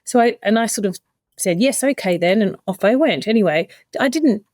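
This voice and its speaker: A woman's voice: medium pitch, expressive, normal speed, darkish tone, no echo, studio quality. A middle-aged woman, a podcast guest, candidly and emotionally retelling a personal story in conversation. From Australia. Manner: candid, emotional retelling with many quoted exchanges.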